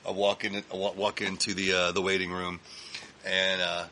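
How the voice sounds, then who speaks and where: A man's voice: low-pitched, moderate pace, a little hiss or hum. A man from Texas, a podcast guest in a recording studio, telling long stories in a casual, profane way full of fillers and restarts. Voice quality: profane, animated storyteller with lots of fillers. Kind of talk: casual storytelling chat.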